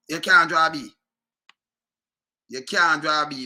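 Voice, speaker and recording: A man's voice: fairly high pitch, unhurried, pauses often, bright, forceful tone. A man with a Jamaican accent giving casual commentary, arguing his point over and over and chuckling as he goes. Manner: argumentative, repeats himself, chuckles often.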